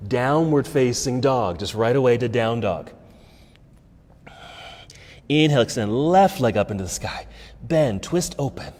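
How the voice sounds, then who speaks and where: A man teaching a yoga class, calmly cueing poses and breaths, and he is a little out of breath. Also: mid-range voice, slow pace, pauses often, in a large hall. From United States. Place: yoga studio.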